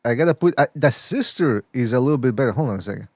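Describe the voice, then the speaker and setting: A man hosting a podcast, animated and joking, laughing through his banter. His voice sits at an ordinary middle pitch. The sound is close and dry, with no room around it. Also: fast, no room sound. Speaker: podcast host. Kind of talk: casual boxing banter.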